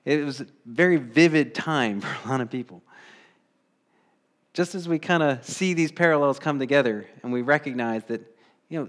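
Conversational male pastor preaching a sermon. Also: medium pitch. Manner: conversational, asks the congregation rhetorical questions; acts out quoted voices with bursts of energy.

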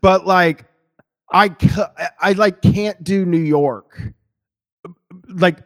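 A man's voice: high voice, drawn-out words, a bit bright. Rambling man swearing in casual chat. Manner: rambling, frequent restarts and swearing, laughs easily.

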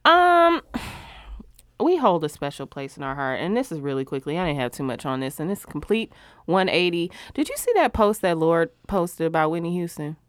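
Woman podcast co-host, expressive, exclaiming, profane, dry recording. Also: lowish voice, normal speed, clean tone, no echo. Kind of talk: candid casual chat.

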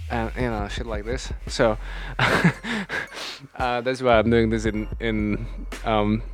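A man's voice: medium pitch, slow pace, faint music behind. A young man from a small post-communist industrial town, speaking non-native English with North American touches in a rambling, slangy vlog monologue on a new home microphone. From small industrial town in a former communist country. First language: not English. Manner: rambling, slangy, laughs to himself. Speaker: vlogger.

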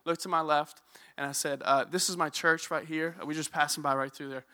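A young man preaching a sermon in a church, telling stories in a lively, conversational way with joking asides. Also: a little high, a little fast. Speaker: youth ministry director. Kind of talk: sermon with storytelling. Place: church sanctuary.

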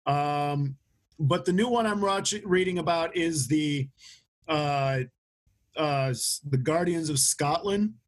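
A man's voice: on the high side, takes it slowly. A man chatting casually on a podcast, rambling with restarts and fillers as he describes a book. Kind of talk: casual chat.

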